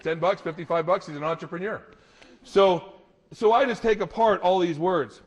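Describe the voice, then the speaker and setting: Speaking live to an audience, a middle-aged motivational speaker uses a slightly high voice at normal speed. He tells animated stories and laughs along as he goes.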